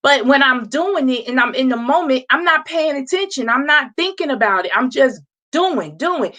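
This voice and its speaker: Bright, animated woman telling a story. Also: sits high, normal speed. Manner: animated, laughing, acts out quoted voices. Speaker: host. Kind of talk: casual storytelling monologue.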